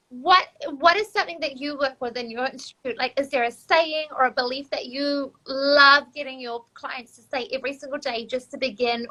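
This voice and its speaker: A woman's voice: high-pitched, bright, forceful tone, rough recording. A woman hosting a casual interview, eager and agreeable as she shares her own view. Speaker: host, nutritionist.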